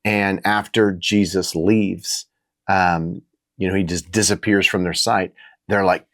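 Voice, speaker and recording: A middle-aged man giving a casual, reflective faith talk, earnest and halting, with frequent restarts and fillers. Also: deep voice, steady tone, a bit bright, no echo, studio quality. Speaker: Christian minister.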